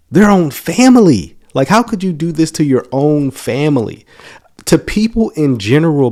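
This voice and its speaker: A man's voice: medium pitch, darkish tone. A man reading a news article aloud and commenting on it in a casual, emphatic way, often restarting his words. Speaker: YouTube commentator.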